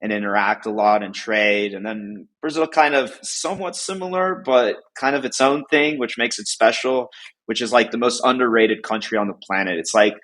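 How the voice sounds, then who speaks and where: Rambling man with a low voice. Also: normal speed, a bit bright. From United States. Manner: rambling, laughs often, lots of "like". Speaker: podcast guest. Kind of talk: casual podcast chat.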